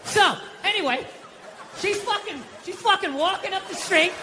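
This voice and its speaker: A man's voice: very high-pitched, moderate pace. A middle-aged man doing a profane, exasperated stand-up routine on stage before a live audience. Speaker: stand-up comedian. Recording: live show with crowd laughter and noise.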